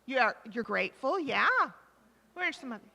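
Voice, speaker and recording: A woman leading a children's time in a church service, asking the children questions and warmly repeating their answers, speaking into a microphone in the sanctuary. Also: on the high side, expressive, fairly quick, vocal fry. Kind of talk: interactive children's talk with questions. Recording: reverberant church hall.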